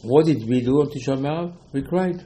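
A man's voice: medium pitch, normal speed, dark tone, rough recording. A man teaching a Torah lesson as a rabbi. He speaks emphatically in slightly broken English and keeps firing rhetorical questions.

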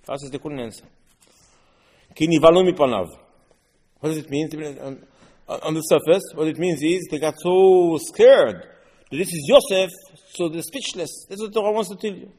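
Animated man teaching Torah, echoing hall. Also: fairly high pitch, normal speed. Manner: animated, rhetorical questions, quotes verses in Hebrew. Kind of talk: Torah class in English.

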